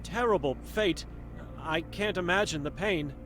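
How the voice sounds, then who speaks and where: A man's voice: on the high side, a little slow, music in the background, natural voice. An actor voicing an earnest male monk from Hungary who asks polite, pressing questions in a video game. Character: earnest male monk searching for his sister.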